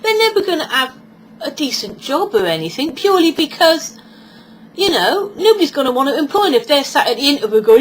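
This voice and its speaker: British woman, forties, rambling casual vlogger, bit of a higher voice. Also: sing-song, brisk, a little hiss or hum, rough recording. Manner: chatty and rambling, acts out quoted voices. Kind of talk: casual monologue vlog.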